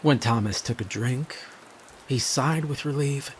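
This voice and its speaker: A man telling a first-person horror story in a measured, grave scripted narration. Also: mid-range voice, slight background noise.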